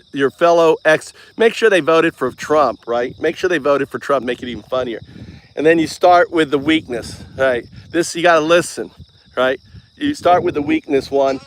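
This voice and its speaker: A man with a somewhat high-pitched voice talks in a loose, rambling monologue. He keeps a mocking, jokey tone and tosses in "right?" after nearly every thought. He often breaks off and restarts his sentences. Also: normal speed, slight background noise. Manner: mocking, jokey, chuckles while talking.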